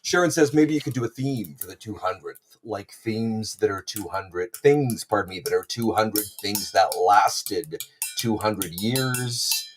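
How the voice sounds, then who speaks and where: A man co-hosting a podcast in casual chat, animated and repeating "do you know what I mean". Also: fairly low pitch, measured pace, a little hiss or hum. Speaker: podcast co-host.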